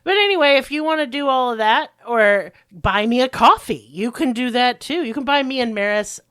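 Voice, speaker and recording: A woman's voice: a little high, lively intonation, normal speed, a bit bright, smooth, dry recording, studio quality. A woman with a Southern accent co-hosting a podcast in casual chat, joking and crude and poking fun at herself. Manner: joking, crude, self-deprecating. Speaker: podcast co-host.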